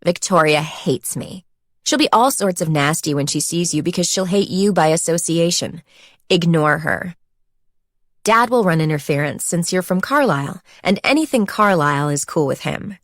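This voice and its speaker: Give me a woman voicing an impatient young rich woman, breezy and dismissive, in a low, dry audiobook read. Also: expressive, normal speed, no echo. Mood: breezy scornful.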